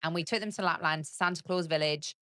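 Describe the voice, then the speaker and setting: A woman's voice: low voice, quick pace, sharp tone, dry recording, clean studio sound. A woman in her thirties, co-hosting a casual podcast chat, telling stories with lots of laughter. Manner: chatty, laughing storyteller. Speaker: podcast co-host.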